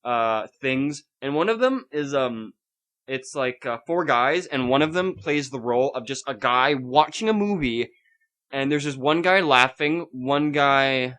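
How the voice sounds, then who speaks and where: A young male podcast co-host rambles through a story in casual chat, swearing a lot and acting out scenes with animation. His voice is medium-pitched at a measured pace.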